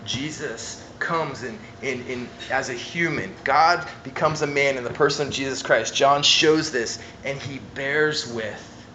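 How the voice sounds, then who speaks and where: A man preaching a sermon, reading scripture aloud and swinging between emphatic stress and quiet, hushed lines. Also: medium pitch, unhurried, a little hiss or hum, poor audio. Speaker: pastor.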